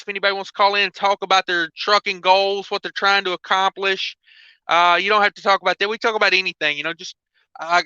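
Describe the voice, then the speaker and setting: Man, trucker livestream host, high voice, smooth and bright, dull dry lo-fi sound. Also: dry recording. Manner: rambling, filler-heavy, laid-back. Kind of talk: casual livestream chat.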